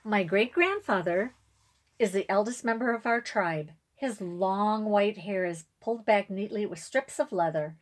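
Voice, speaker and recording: A woman with a voice of middling pitch reads a picture book aloud, speaking gently to an audience watching her on camera. She pauses now and then to talk to her listeners directly. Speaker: storyteller reading to viewers.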